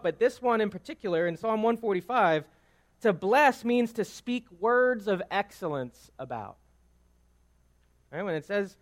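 A man with a notably high voice delivers a teaching sermon. He talks casually, stumbles over repeated words and keeps asking his listeners "right?" as he goes. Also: a bit bright. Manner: conversational, stammering restarts, frequent "right?". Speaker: preacher.

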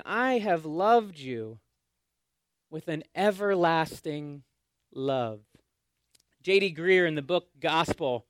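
A man preaching a sermon, often asking his congregation questions and swinging between loud and hushed. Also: high-pitched, dry recording, studio quality. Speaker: pastor.

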